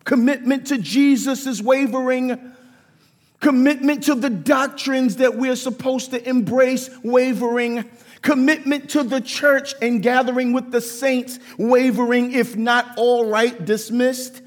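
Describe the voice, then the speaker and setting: A man preaching a sermon as pastor, animated and acting out quoted voices in a church sanctuary. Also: extremely high pitch, measured pace, in a large hall.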